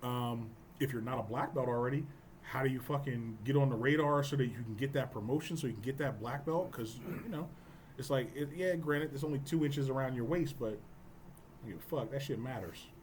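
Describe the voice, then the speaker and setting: A man hosting a casual podcast chat about martial arts, loud, profane and joking. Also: medium pitch, a little fast, slight background noise. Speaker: podcast host.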